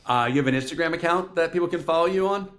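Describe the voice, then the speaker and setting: A man's voice: fairly high pitch, fast, fairly bright tone. A man hosting a casual podcast chat, enthusiastic and full of slang. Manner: enthusiastic, says dude a lot. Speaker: podcast host.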